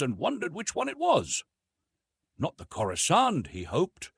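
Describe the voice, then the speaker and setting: Man, audiobook narration, husky voice, lively rising and falling pitch, dry close sound. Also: normal speed, no echo. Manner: lively, expressive reading.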